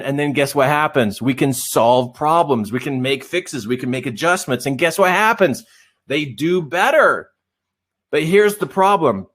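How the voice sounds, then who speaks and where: A middle-aged man telling a story in a coaching webinar, animated and often laughing. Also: fairly high pitch.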